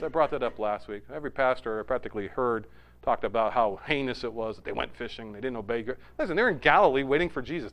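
A man's voice: medium pitch, lively intonation, quick pace, a bit bright. A middle-aged man, a pastor, preaching a sermon in a storytelling way with emphatic repetition.

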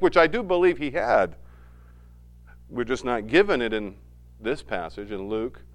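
This pastor's mid-range voice has a clean tone as he preaches. His sermon moves between forceful emphasis and hushed asides, with scenes retold through voiced quotes.

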